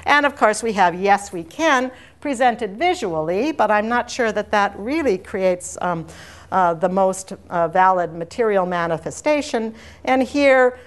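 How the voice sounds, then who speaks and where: A woman's voice: mid-range voice, animated, measured pace. Woman giving a discursive academic lecture. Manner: discursive, anecdotal and digressive. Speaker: university lecturer. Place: lecture room with an audience.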